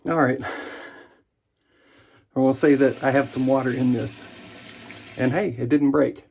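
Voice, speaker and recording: Here a wet shaving channel host speaks slowly in a creaky, darkish, mid-range voice with fairly even intonation. He rambles and pokes fun at himself while shaving in his home bathroom, against slight background noise.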